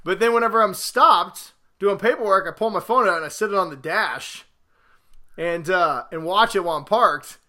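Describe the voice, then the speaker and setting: An excitable man hosts a casual podcast, rambling through stories and getting louder as they build. His voice sits high and sounds bright and forceful. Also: moderate pace. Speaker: podcast host.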